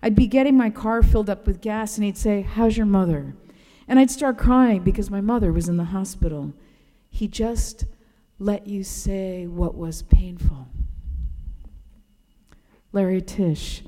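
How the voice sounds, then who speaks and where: A woman reading a personal essay aloud in a gentle, reflective storytelling way. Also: medium pitch, a little slow, big-room sound. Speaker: narrator.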